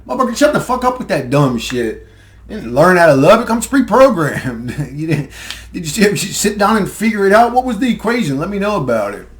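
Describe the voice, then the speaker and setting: Young man, high voice, rambling profane monologue, sarcastic and heated. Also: sing-song, a little fast. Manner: heated, profane, sarcastic, laughs mid-sentence. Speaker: conspiracy video ranter.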